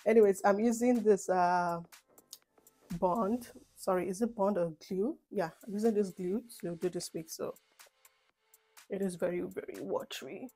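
Young woman, Nigerian accent, rambling casual vlog chat, mellow voice, soft music behind. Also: mid-range voice, a little slow. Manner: chatty, rambling, animated asides. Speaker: vlogger. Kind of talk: casual get-to-know-me chat.

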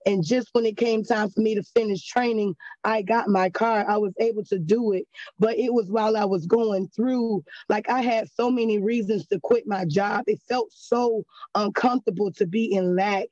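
A woman tells her testimony to a church group in an earnest, conversational way. Her tone is mellow and dark. The recording sounds dull and slightly lo-fi, with dry room sound. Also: mid-range voice, no echo. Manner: earnest, conversational, checks in with "right?". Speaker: class member giving testimony. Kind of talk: personal testimony.

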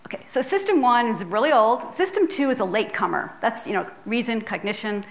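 A middle-aged public health professor with a highish voice lectures briskly and with animation in a filmed hall. She's earnest and conversational, checking in with tag questions, and becomes tearful at times.

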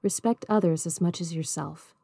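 A woman voicing a patient woman circle keeper in a storybook reading, measured and gentle. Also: lowish voice, vocal fry, breathy edge, no echo, clean studio sound. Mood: calm.

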